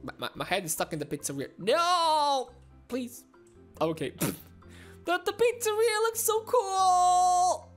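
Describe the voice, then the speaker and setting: Woman host, high lively voice, excitable game play-by-play, faint music behind. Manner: excitable, squealing, quick swings between panic and giggles. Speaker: gaming channel host. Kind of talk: excited gameplay commentary.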